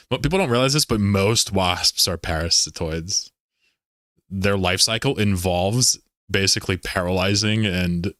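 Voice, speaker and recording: A male game streamer with a fairly low voice, chatting loosely with his viewers. He jokes, rambles and swears casually. His close streaming mic sounds completely dry, with no room sound. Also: a bit bright, no room sound. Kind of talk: casual live-stream chat.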